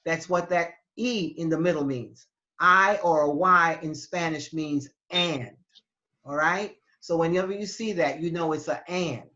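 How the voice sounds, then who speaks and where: A woman teaching Spanish in an online class, explaining patiently with halting restarts over a video call. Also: low-pitched, pushed and bright, dull audio.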